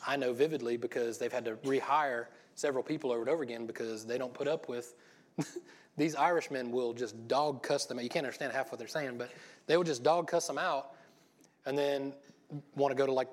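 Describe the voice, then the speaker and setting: A man's voice: mid-range voice, a little fast. A man giving an informal church sermon, folksy and rambling, with joking asides to the congregation. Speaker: lay preacher.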